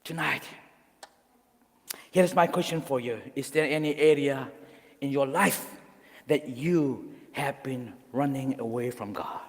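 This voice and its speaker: A man's voice: medium pitch, a little slow, pauses often. A man giving an earnest, exhorting youth sermon at a church conference, recorded with hall reverb. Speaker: youth speaker.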